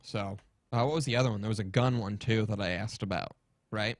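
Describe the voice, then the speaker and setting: A man's voice: on the low side, a little fast, no room sound. A man hosting a podcast, telling a rambling story in a casual, swearing rant. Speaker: podcast host.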